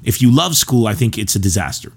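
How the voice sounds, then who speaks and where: A comedian from Lebanon telling rambling, animated stories about his school days. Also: fairly low pitch, husky. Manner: rambling and animated, with quick asides. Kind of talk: casual storytelling.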